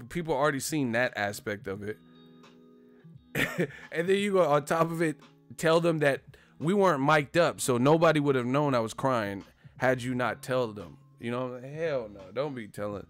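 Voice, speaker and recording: A man hosting a casual boxing chat, talking in an animated, joking and profane way. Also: medium pitch. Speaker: boxing commentary host.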